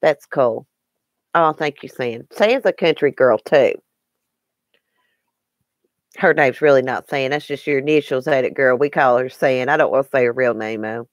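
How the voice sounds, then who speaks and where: A woman's voice: extremely low pitch, normal speed, pauses often, no echo, studio quality. A woman with a Southern American accent hosting a casual live stream, chatting and answering viewer comments by name.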